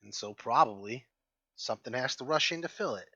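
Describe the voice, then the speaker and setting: A man's voice: mid-range voice, lively intonation, brisk, pushed and bright, husky, no echo. A man playing a tabletop role-playing game, talking in character and reasoning aloud in a thoughtful way. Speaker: player.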